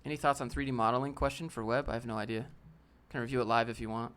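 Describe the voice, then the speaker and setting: A man talks casually on his live stream, reading chat questions and answering them bluntly. He drops slang like "fam" and "dude" while critiquing a viewer's portfolio. His voice sits at an ordinary middle pitch. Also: steady tone, quick pace, a bit bright, clear, resonant tone. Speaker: livestream host. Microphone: desk setup with a DSLR camera.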